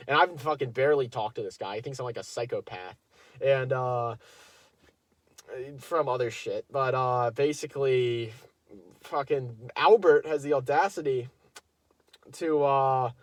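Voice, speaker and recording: A teenage boy telling a story in a casual vlog, rambling, swearing constantly and filling every pause with "like". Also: mid-range voice, no room sound. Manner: rambling, profane, full of "like" fillers.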